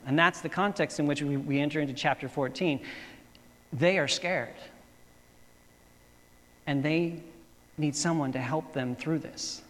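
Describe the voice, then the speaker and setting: A pastor preaches in an easygoing, storytelling way, full of fillers and little restarts. His man's voice sits a bit higher than usual. It rings with a long reverb, as in a large hall. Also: normal speed, a bit bright. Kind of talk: sermon.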